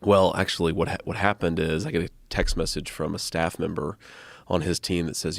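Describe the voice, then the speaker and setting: Very deep gravelly male guest. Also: steady tone, fairly quick, dry recording. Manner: laughs often while telling anecdotes. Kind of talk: casual storytelling.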